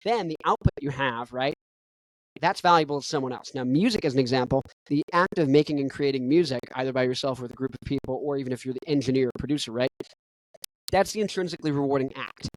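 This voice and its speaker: A man's voice: medium pitch, quick pace, no room sound, rough recording. A young man hosting a podcast, rambling in a casual monologue and often tagging "right?" and "you know" onto his thoughts. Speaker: podcast host.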